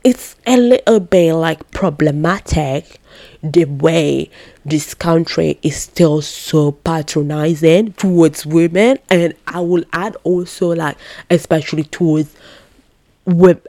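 A young woman from Italy talks through her podcast in a casual, animated way, heavy on fillers and exasperated emphasis. Her voice sits low with a gravelly, creaky edge. The sound is dry and close, with no room echo. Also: slow. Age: young adult. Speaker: podcast host. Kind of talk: casual solo commentary.

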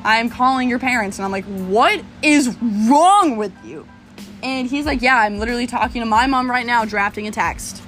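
A young woman telling a story in casual chat, animated and swearing as she talks. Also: a little high, normal speed, faint music behind. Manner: animated, swearing, laughing often.

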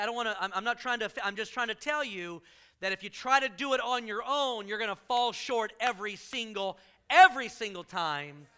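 Man, pastor preaching, high voice, very bright tone, animated, jokey, sudden loud emphasis. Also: smooth. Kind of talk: sermon.

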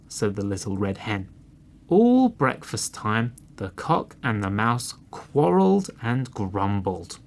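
A man reading a folk tale aloud as a storybook narrator, expressive and unhurried. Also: on the low side.

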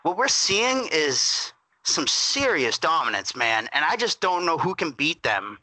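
A man co-hosting a sports podcast, talking in a gushing, excitable way and admitting he is worked up. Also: a little high, measured pace, dry recording, poor audio. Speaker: podcast co-host.

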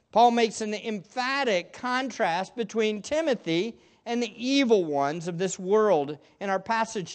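A male pastor preaching a sermon to a congregation, stressing words emphatically and then dropping into soft asides. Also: high-pitched. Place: church room with a congregation.

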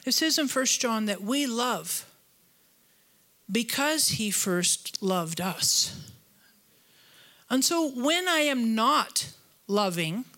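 A woman preaching a sermon in a chatty, storytelling way, mixing humor and asides with scripture. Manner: animated, voice jumps higher when retelling conflict. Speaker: pastor.

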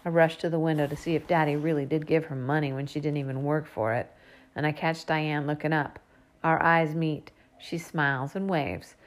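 A woman narrating a first-person children's story in a lively, expressive way. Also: low voice, normal speed. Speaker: audiobook narrator.

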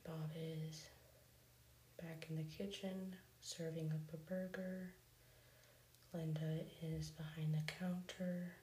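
Slow whispering woman ASMR storyteller. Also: low voice, echoey room, a little hiss or hum, poor audio. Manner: soft whisper, slow and even. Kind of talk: whispered ASMR retelling of a cartoon episode.

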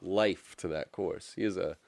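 A man co-hosting a casual golf podcast, rambling through stories and getting animated when excited. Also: sits low, unhurried, creaky, no echo. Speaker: podcast co-host. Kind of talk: casual chat.

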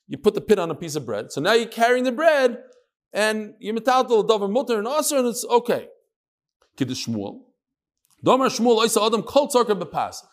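In a room with a small class, a man whose voice is somewhat high leads an informal Talmud lesson. His talk is chatty and loose with joking asides, and he mixes Hebrew and Yiddish terms into his English.

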